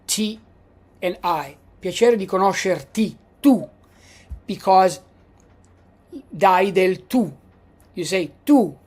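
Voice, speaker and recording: A woman's voice: medium pitch, animated, takes it slowly, long pauses, a little mellow. A woman giving a classroom lecture as a language teacher, patiently repeating each example.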